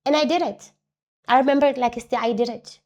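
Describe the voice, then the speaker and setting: A woman giving personal testimony as an interview guest. She talks earnestly, repeats key phrases for emphasis and acts out other people's words in lively voices. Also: high-pitched, fast talker.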